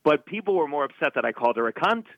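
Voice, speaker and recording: A man's voice: on the high side, big pitch swings, quick pace, no echo. A man, a stand-up comedian guest, telling a rambling, self-deprecating story. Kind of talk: casual anecdote telling. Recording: dry tinny phone line.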